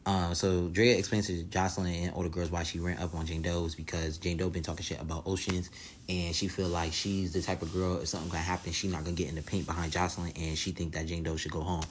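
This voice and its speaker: A man with a low, deep voice talks through a reality show episode in loose, profane slang. His delivery is relaxed and conversational, like chatting with friends. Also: fast, slight background noise. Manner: slangy, profane, laid-back storytelling. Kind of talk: casual episode recap.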